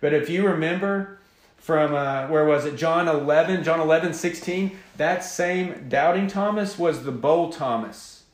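A man preaching as a pastor, earnest and emphatic, opening with a quiet prayer. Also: on the high side, a little slow, reverberant. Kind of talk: sermon.

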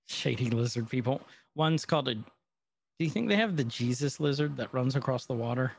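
A man's voice: mid-range voice, a little fast, creaky, slightly rough. A man co-hosting a podcast, recapping an episode in casual chat with rambling, filler-heavy storytelling. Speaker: podcast co-host.

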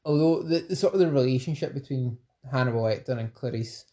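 A man's voice: mid-range voice, brisk, warm tone. A Scottish man co-hosting a podcast, chatting enthusiastically and a bit ramblingly about films. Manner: enthusiastic, rambling film talk. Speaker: podcast co-host. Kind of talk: casual chat.

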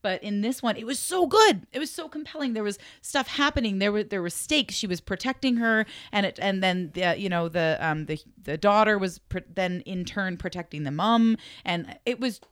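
A woman's voice: medium pitch, moderate pace, few pauses, a bit bright, clear, resonant tone, no echo, studio quality. A young woman co-hosting a casual movie review chat, gushing with lots of restarts. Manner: effusive, gushing, many restarts. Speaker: podcast co-host.

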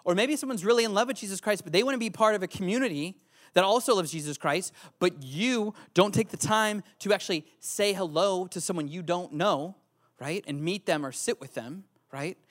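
A man's voice: high voice, fairly quick, a bit bright, no room sound, clean studio sound. A man preaching a youth sermon, playful and teasing the audience. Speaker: youth pastor.

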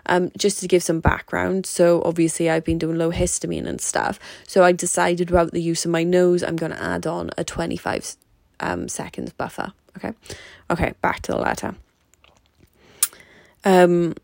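A woman's voice: fairly low pitch, moderate pace, vocal fry, dry recording, studio quality. A woman, earnestly reading aloud a motivational letter to herself in a vlog, swearing now and then. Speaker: vlogger.

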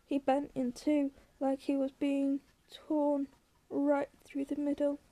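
A woman reads a story aloud in a quiet, measured way. Her voice is high and very mellow, and it stays steady with little rise and fall. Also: a little hiss or hum. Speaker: narrator. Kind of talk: audiobook reading.

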